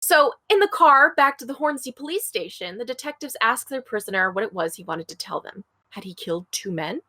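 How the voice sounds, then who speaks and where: A woman's voice: a little high, expressive, a little fast, pushed and bright, dry recording, low-quality recording. A woman co-hosting a podcast, retelling a true-crime case in a chatty way, reading passages aloud and adding her own asides. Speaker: podcast co-host. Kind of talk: casual true-crime storytelling.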